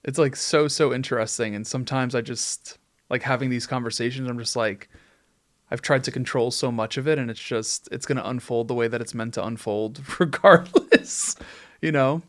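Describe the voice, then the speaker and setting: A man hosting a podcast, speaking in a reflective, affirming, measured way. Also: medium pitch, fairly bright tone. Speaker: podcast host. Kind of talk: podcast conversation.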